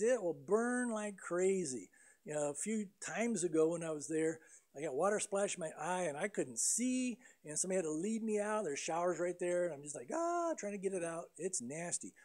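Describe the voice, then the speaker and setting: A man preaching a sermon as pastor, animated and conversational, acting out prayers and complaints in quoted voices. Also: high-pitched. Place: church sanctuary.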